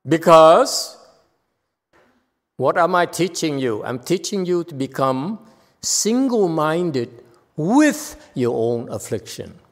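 A man's voice: a little high, big pitch swings, slow pace, big-room sound. A man giving a spiritual teaching to a congregation, playful and full of rhetorical questions and repeated phrases. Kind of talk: dharma talk to a congregation.

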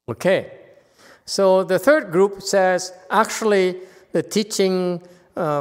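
A man giving an informal lecture on a sutra, chatty and teasing, often checking in with "okay?". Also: on the high side. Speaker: Buddhist teacher lecturing on a sutra. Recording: long hall reverb.

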